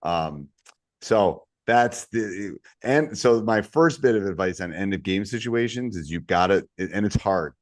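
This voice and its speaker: A man co-hosting a podcast about coaching youth basketball, talking in a relaxed, storytelling way with low asides. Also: unhurried, no echo, clean studio sound. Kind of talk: casual podcast chat.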